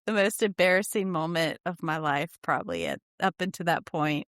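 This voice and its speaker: A middle-aged woman co-hosting a casual chat, telling lively anecdotes. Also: fairly low pitch, normal speed, no room sound, studio quality. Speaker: podcast co-host.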